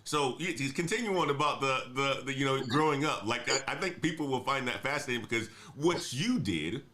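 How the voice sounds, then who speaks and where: A man's voice: medium pitch, expressive, a little fast, bright, forceful tone. A man hosting a casual conversation, enthusiastic and repeating words as he builds up his points. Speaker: host.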